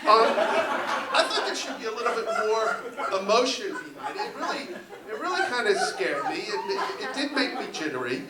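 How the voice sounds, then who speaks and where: Halting fifty-something man doing stand-up. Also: high-pitched, big pitch swings. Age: 50s. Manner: halting, full of ums and repeated words. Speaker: stand-up comedian. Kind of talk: stand-up set. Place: comedy club stage. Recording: roomy club sound from a distance with loud crowd. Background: audience laughter.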